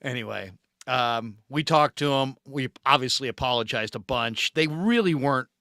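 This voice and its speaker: A middle-aged man hosting a casual chat, telling a story in an animated way and acting out the voices in it. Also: mid-range voice, normal speed, gravelly, dry recording, studio quality. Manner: animated storyteller who acts out the voices in his anecdotes. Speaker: podcast host.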